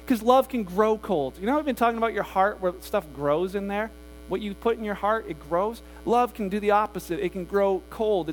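A man preaching a casual, conversational sermon as pastor, often acting out quoted voices. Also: high voice.

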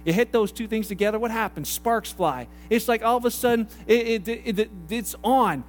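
Middle-aged pastor from Canada with a high voice; chatty preaching with acted-out dialogue, faint hum. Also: male voice, moderate pace. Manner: conversational, repeats phrases, acts out dialogue. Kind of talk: sermon. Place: church hall.

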